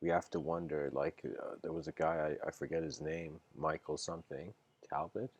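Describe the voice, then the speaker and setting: A man's voice: very deep voice, fairly even intonation, normal speed, husky. A man giving a casual livestreamed lecture, meandering and hesitant with slangy phrasing.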